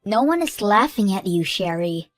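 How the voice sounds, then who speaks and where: A woman voicing a calm, reasonable young woman who tries to soothe an upset friend, in an animated story. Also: mid-range voice, normal speed, dry recording, faint music behind, natural voice. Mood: pleading. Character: calm, patient young woman engaged to be married.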